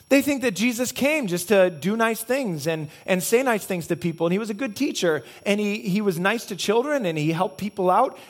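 High-voiced man preaching a sermon. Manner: earnest, repetitive preaching with building cause-and-effect chains. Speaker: pastor.

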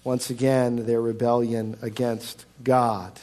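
A male pastor preaching a sermon, swinging between loud emphasis and quiet hushed lines, and putting rhetorical questions to the congregation. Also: medium pitch, little pitch movement, takes it slowly.

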